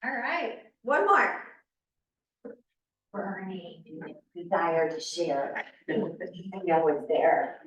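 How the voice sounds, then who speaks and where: A hoarse woman leading a casual team meeting, upbeat and chatty. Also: on the low side, big pitch swings, very slow, long pauses, fairly bright tone. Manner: upbeat, chatty, laughs often. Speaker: meeting leader. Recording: distant, muffled, echoey room recording.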